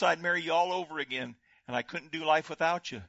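Bright-voiced older male pastor preaching. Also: on the high side, fast talker, gravelly, few pauses, no room sound, lo-fi sound. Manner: impassioned, swings from loud exclamations to hushed prayer. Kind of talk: sermon.

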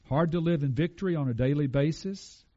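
A man's voice: on the high side, a little fast, warm tone, muffled recording. A man preaching a conversational sermon and asking his congregation questions. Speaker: pastor.

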